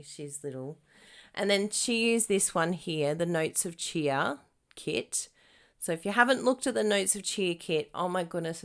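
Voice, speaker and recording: A woman's voice: fairly low pitch, creaky. A woman hosting a casual live craft tutorial, bubbly and giggly, breaking into squealed exclamations as she chats to viewers. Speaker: papercraft demonstrator hosting a live stream.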